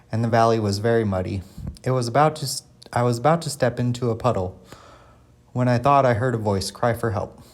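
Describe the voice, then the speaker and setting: Man reading a children's story. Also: on the low side. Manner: plain, steady reading with small slips and restarts.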